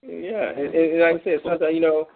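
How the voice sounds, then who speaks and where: A man hosting a community call, talking in a relaxed way with many fillers. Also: on the high side, fairly quick, gravelly. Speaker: call host. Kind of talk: casual chat. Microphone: phone or call line. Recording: tinny phone line.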